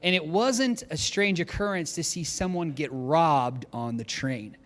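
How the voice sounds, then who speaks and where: Male pastor, slightly higher voice, lively storyteller, recorded in a big echoing sanctuary. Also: unhurried. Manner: animated, lively storytelling with acted-out quotes. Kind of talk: storytelling sermon. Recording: long hall reverb.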